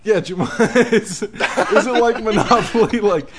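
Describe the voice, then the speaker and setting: A man's voice: high voice, unhurried, noisy background. A man co-hosting a podcast, goofy and giggly in casual chat. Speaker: podcast co-host.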